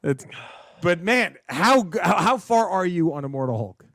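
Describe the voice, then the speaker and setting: Male podcast co-host, swears and laughs often, very animated pitch. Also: moderate pace, no room sound, studio quality. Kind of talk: casual chat.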